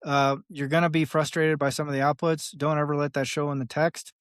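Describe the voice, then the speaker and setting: A man with a higher voice speaks briskly in a clean, echo-free studio recording. He's a podcast guest in a casual interview, rambling loosely, saying "like" and "right?" a lot and animatedly acting out quoted dialogue in other voices.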